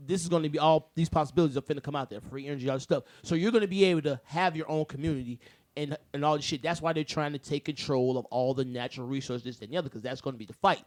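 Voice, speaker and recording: A man co-hosting a casual podcast chat, who talks in animated rants and breaks into loud shouting bursts. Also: fairly high pitch. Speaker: podcast co-host.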